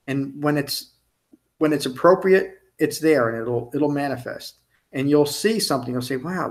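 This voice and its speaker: A man teaching at a meditation retreat, speaking conversationally to the group, often ending points with tag questions and restarting sentences as he goes. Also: medium pitch. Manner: restarts and self-corrections mid-sentence. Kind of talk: dharma talk to a retreat group.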